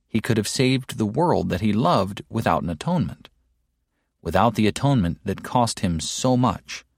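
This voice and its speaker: A man delivering a sermon in a slow, deliberate and emphatic way, with stern rebuking asides. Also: lowish voice, vocal fry, no room sound, studio quality. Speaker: preacher. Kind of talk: sermon read aloud.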